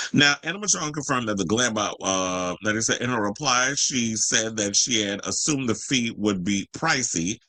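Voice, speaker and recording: Sassy guy ranting gossip on a podcast, bright voice, swears a lot, dry close mic. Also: dry recording, low-quality recording. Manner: brash, profane and sassy, jumping to high exclamations. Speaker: podcast host. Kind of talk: unscripted celebrity gossip commentary.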